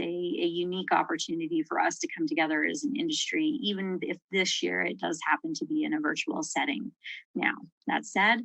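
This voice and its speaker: A woman speaks as the president of an industry council, sharing event plans in a friendly, enthusiastic way. Her voice sits somewhat low for a woman. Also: gravelly, fairly bright tone. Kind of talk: scripted event announcements.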